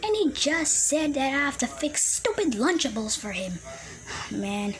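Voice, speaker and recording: A woman voicing a grumpy, crude male chef in a puppet comedy skit, talking in a flat, sarcastic grumble. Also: high voice, unhurried. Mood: grumbling.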